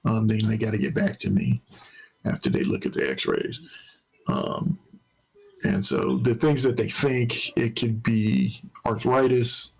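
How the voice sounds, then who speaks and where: A man with a gravelly, husky voice hosts a laid-back chat show. He talks loosely and rambles, with plenty of fillers along the way. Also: mid-range voice, expressive, measured pace, low-quality recording. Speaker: podcast host. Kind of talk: casual chat.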